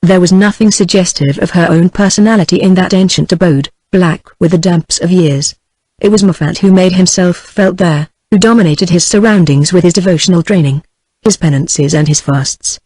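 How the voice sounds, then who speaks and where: A text-to-speech woman's voice with a British accent, reading a classic novel in an even, measured way. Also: fairly low pitch, breathy edge, dry recording. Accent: British English. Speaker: audiobook narrator. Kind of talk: synthetic audiobook narration.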